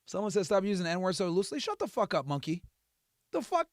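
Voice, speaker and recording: A man with a high voice that swings widely as he rants through a livestream. He curses freely and mocks his critics with heat, and his voice sounds close and dry. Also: sing-song, fast talker, no room sound. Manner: profane, heated, mocking. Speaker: livestream host. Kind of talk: livestream rant.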